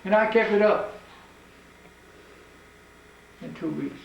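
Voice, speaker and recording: An older man tells stories in a fervent, preacher-like way as a museum tour guide. His voice is high and gravelly. He is recorded from a distance in an echoing indoor room. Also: fairly quick, highs cut off. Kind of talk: oral storytelling. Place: old house museum, indoors.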